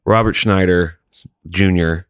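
A man's voice: low voice, steady tone, slow, smooth, no room sound. A man co-hosting a comedy podcast, teasing his partner with dry, casual banter. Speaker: podcast co-host.

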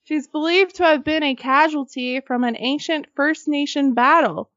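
A woman's voice: high voice, moderate pace, a bit bright, no echo, muffled recording. A woman co-hosting a casual podcast, reading ghost stories aloud with jokey asides, frequent laughter and swearing. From Arkansas. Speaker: podcast co-host.

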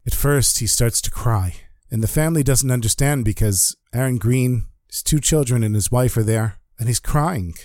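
A man narrates a story with animated delivery, slipping into the voices of the people in it. His voice is mid-pitched and sits close and dry. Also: moderate pace, no echo. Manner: animated, acts out quoted speech.

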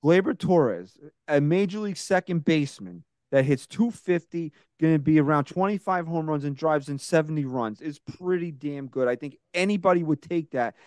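A sports podcast host with a fairly high, dry-sounding voice, talking fast and casually. He swears freely and works himself into loud, heated rants about players. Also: animated, no room sound. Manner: profane, ranting, gets loud and heated.

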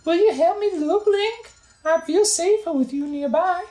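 Impa, a timid high nursemaid voiced by a woman. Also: a little slow, warm tone, reverberant, faint music behind, rough recording. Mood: frightened.

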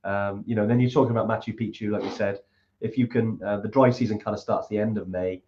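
A man's voice: on the low side, steady tone, quick pace, darkish tone, muffled recording, slight background noise. A man hosting a trekking trip talk, giving loose, friendly advice with many fillers. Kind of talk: casual chat and travel advice.

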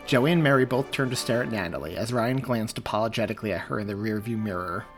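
A man's voice: lowish voice, fast talker, faint music behind. A man, the author, reading his own story aloud as audiobook narration. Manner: expressive reading.

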